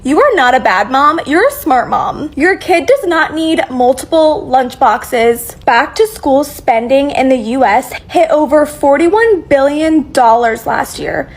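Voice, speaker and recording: High-voiced sarcastic woman commentator. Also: animated, measured pace, hardly any pauses. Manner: sarcastic, punchy. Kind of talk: sarcastic social media commentary.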